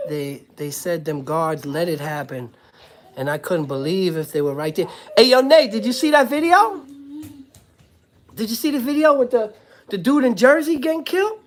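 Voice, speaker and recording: A man's voice: sits high, a little hiss or hum. A man hosting a casual livestream while sick and coughing, loose and profane, greeting viewers by name and talking to his little son. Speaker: livestream host, former prisoner. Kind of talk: casual live-stream chat with viewers.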